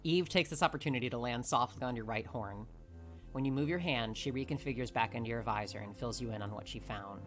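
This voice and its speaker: A man's voice: medium pitch, fast talker, a bit bright, faint music behind. A man hosting a let's play, reading game narration aloud and breaking off to joke. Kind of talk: narrating a visual novel aloud.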